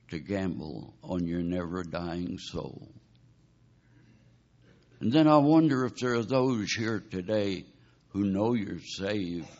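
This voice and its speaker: A man's voice: sits low, darkish tone. A man preaching a sermon, telling a dramatic story and pleading with his listeners. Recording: dull lo-fi recording.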